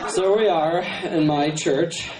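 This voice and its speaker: Young male stand-up, halting ramble, high voice, distant in an echoey hall. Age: young adult. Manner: rambling, halting storytelling with many fillers. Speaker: stand-up comedian. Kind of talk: stand-up routine. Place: university contest stage, live audience. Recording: echoey hall, distant camera, crowd, noise.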